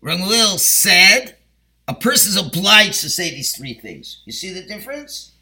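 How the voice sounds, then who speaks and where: A man's voice: high voice, very animated, moderate pace, bright, forceful tone, husky. A man with a Yeshivish English accent and Ashkenazi Hebrew, teaching a class on the Haggadah. He explains step by step and poses questions, then answers them himself. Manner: explanatory, asks and answers his own questions. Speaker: Torah teacher.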